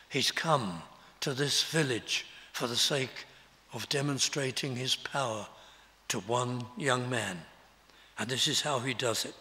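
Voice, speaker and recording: An older man preaching a sermon in a large church hall, slow and emphatic, quoting scripture in old-fashioned wording. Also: medium pitch, sharp tone. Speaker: pastor.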